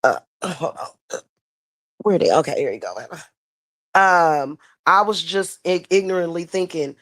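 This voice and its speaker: A woman's voice: lowish voice, a little slow, no echo, studio quality. A woman hosting a spiritual livestream, telling a story in casual, profane talk that is full of y'all. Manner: profane, animated, addresses viewers as y'all.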